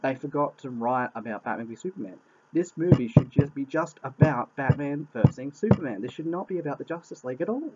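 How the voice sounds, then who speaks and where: A man's voice: medium pitch, animated, a little fast, heavy background noise. A man giving a casual spoken film review. He sounds exasperated, swears a lot and keeps repeating himself. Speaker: movie reviewer. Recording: dull lo-fi recording.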